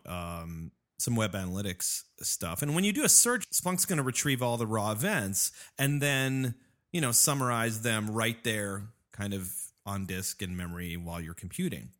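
A man's voice: medium pitch, pushed and bright. A man from Austin, Texas hosting a casual tech podcast, joking with co-hosts and explaining technical features. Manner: jokey, quick to laugh, explains technical topics. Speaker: podcast host.

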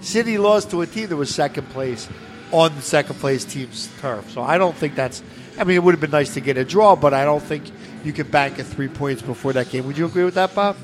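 A man's voice: a little high, brisk, slight background noise. A man co-hosting a casual soccer talk show, chatty and argumentative, with lots of "you know.". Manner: chatty, fills with "you know" and restarts, argues points. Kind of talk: casual sports chat.

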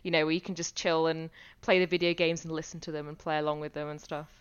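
A woman's voice: low-pitched, level tone, fast talker, smooth, lo-fi sound. A woman who teaches primary school music, talking in a casual podcast chat with frequent restarts. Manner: chatty, with frequent restarts and light laughs.

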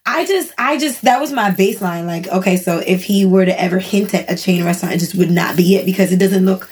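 Woman co-host, lively storyteller, laughs often, faint hiss on the track. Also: mid-range voice, a little fast. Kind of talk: casual podcast chat.

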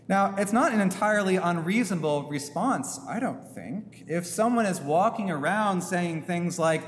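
A man preaching a sermon as a priest in a church, slow and emphatic, posing rhetorical questions. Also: high-pitched, lively intonation. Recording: long church reverb, faint hum.

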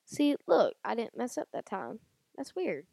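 A slightly high-voiced woman with huge pitch swings, vocal fry and a mellow tone talks unhurriedly, with no echo. Hosting her casual solo podcast on a handheld audio recorder, she rambles loosely through lots of fillers and restarts.

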